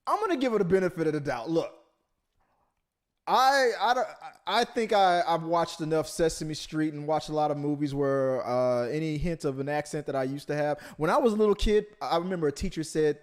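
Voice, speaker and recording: A man's voice: on the high side, animated, brisk. A man from Texas with a slight Texan accent, hosting a podcast in casual chat and rambling with many restarts. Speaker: podcast host.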